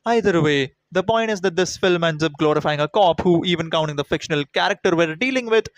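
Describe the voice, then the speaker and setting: A man's voice: on the high side, quick pace, dry recording. A man ranting through a film review vlog, sarcastic and heavily profane. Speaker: film critic.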